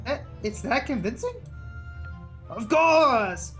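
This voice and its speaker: A woman's voice: on the high side, animated, takes it slowly, over music. A woman voicing a self-assured male bird lawyer in a video game, declaring his lines theatrically. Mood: grand.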